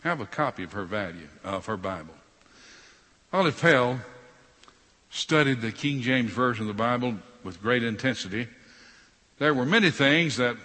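A man preaching a sermon, swinging between loud emphasis and quiet sarcastic asides. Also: mid-range voice. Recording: long hall reverb.

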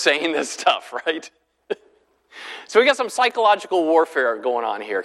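A man's voice: fairly high pitch, a bit bright. Chatty male Bible teacher in a reverberant hall. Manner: conversational, keeps asking the class rhetorical questions.

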